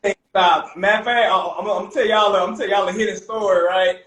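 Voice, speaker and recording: Young male chef guest, lively slangy storyteller, higher-pitched voice, roomy echo on the mic. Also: very fast. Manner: animated, peppers talk with "man" and "bro". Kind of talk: casual storytelling.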